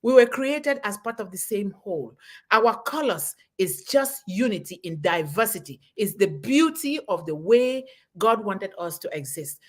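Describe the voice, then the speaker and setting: A middle-aged woman from Cameroon hosting a live online webinar, giving an impassioned motivational talk that repeats phrases and swings in pitch and loudness. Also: expressive, a little slow. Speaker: host.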